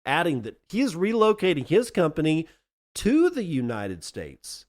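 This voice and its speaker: A man's voice: a little high, wildly swooping pitch, moderate pace. A man hosting a podcast, reading news articles aloud and breaking in with sarcastic asides of his own. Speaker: podcast host.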